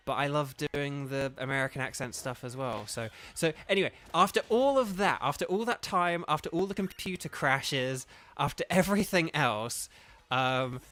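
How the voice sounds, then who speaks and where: A man's voice: mid-range voice, pushed and bright, dry recording. An English man, a voice actor, chatting casually on a livestream, rambling with many fillers and restarts. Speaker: streamer and voice actor.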